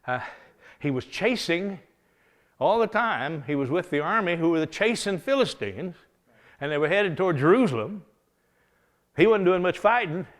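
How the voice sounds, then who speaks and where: Male preacher, revival sermon, folksy animated storytelling, chuckles, fairly high voice. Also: normal speed, pauses often.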